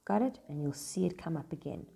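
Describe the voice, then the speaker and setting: A woman giving a casual, encouraging vocabulary lesson, repeating words slowly to model pronunciation, recorded in a school. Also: low voice, lively intonation, gravelly, warm tone. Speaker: language teacher.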